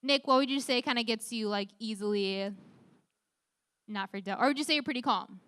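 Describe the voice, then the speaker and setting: A woman's voice: fairly high pitch, a little fast, a bit bright, smooth. A young woman leading a youth group Bible talk, upbeat, often putting questions to the teens. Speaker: youth leader.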